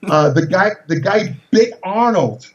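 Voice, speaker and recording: An older man telling an animated story in an interview, often repeating words and restarting his sentences. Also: high voice, a little slow. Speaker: guest storyteller. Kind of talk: casual interview anecdote. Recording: echoey, slightly dull recording.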